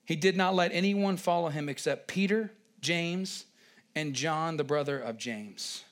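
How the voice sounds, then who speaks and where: A man preaching a sermon with a slightly high voice. He talks in an animated, chatty way and turns often to speak to the congregation. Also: unhurried. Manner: animated, conversational preaching with asides to the audience.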